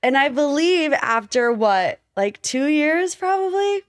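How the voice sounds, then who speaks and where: A woman co-hosting a podcast, teasing and telling stories in a playful, animated casual chat. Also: sits high, unhurried, no room sound, studio quality. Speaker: podcast co-host.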